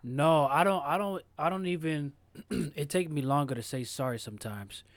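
Dry-sounding man, halting casual chat. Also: on the high side, no room sound. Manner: halting, clears his throat often, restarts phrases. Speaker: podcast co-host.

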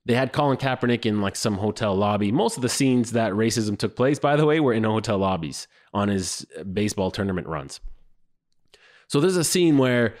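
A man giving casual comedic commentary on a show he watched, animated and profane, mocking it and jumping into high squeaky voices when he quotes people. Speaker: show reviewer.

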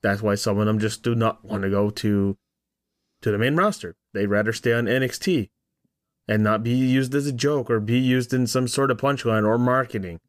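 A man's voice: medium pitch, moderate pace, dry recording, clean studio sound. A man co-hosting a podcast who chats casually and hesitantly about wrestling. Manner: hesitant, filler-laden talk. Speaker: podcast co-host. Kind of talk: casual chat.

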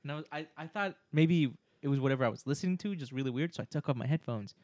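Talking very fast in a fairly high voice, this podcast co-host launches into a profanity-laced story on a casual show, doing animated impressions of the people in it. There's no echo on the recording.

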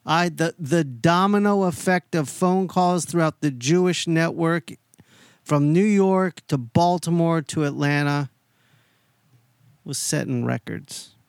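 A man hosting a podcast, telling a long story in a casual, animated way, heavy on swearing and quoted voices. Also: a little high, slow, clean tone, no room sound, studio quality. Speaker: podcast host.

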